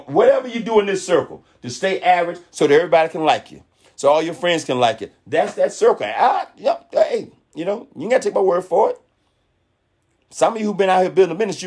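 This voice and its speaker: A network marketing leader gives a motivational talk on a call, his husky voice fairly high-pitched and fired up. He's preachy and animated, imitating other people's voices whenever he quotes them.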